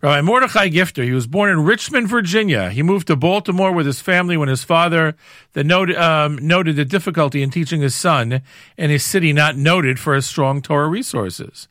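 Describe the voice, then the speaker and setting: A man hosting a weekly show in a casual, rambling way, often pausing and correcting himself. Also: on the high side, a bit bright, no room sound, clean studio sound. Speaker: host.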